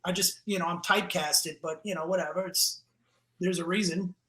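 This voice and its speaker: A man with a New Jersey accent tells animated, profane stories in a casual podcast chat. His voice is bright and forceful. It rings in an echoey room. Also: high-pitched, a little fast. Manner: animated storytelling, swears freely. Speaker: guest comedian.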